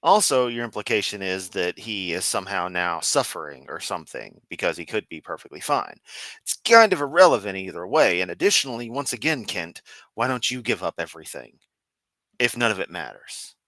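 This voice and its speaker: A man giving sarcastic, profane reaction commentary on a video he is watching, with deadpan asides. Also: deep voice, a little fast, dry recording.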